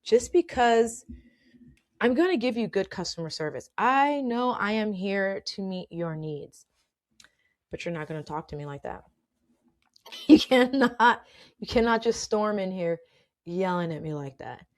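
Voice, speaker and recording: A woman's voice: medium pitch, expressive, unhurried, pauses often. A woman with a middling voice tells her own work stories as a podcast host. She talks in a chatty, emphatic way, keeps tagging her points with "okay?", and laughs often. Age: adult with children. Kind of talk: casual storytelling monologue.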